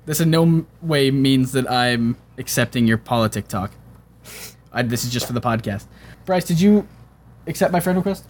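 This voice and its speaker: A man's voice: mid-range voice, animated, moderate pace, a little hiss or hum. A young man hosting a casual podcast chat, playful and bantering, often restarting his sentences. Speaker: podcast host.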